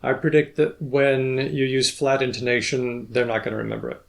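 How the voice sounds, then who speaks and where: A man's voice: medium pitch, steady tone, brisk, gravelly. A man hosting a casual chat, curious and eager, asking questions and guessing answers. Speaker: podcast host.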